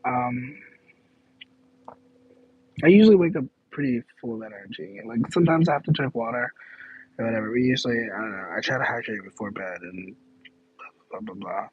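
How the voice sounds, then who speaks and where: A man's voice: medium pitch, brisk, pauses often, breathy edge, highs cut off. A man chatting casually on a live question-and-answer stream, rambling, stopping to correct himself and laughing in disbelief.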